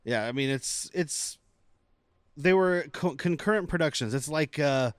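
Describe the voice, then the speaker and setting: Brief: male podcast host, smooth resonant voice, dry close mic, chatty and rambling. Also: fairly high pitch, a little slow, dry recording. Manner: chatty, laughs often, rambling asides. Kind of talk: casual film podcast chat.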